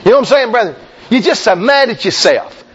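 A man preaching a sermon, folksy and emphatic, with sudden shouts and slow drawn-out lines. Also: very high-pitched, expressive, dull audio.

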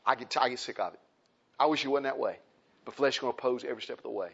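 A man preaching a sermon in a folksy, impassioned way. He repeats phrases and swings between loud and soft. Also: medium pitch, rapid-fire, vocal fry, slightly rough, highs cut off.

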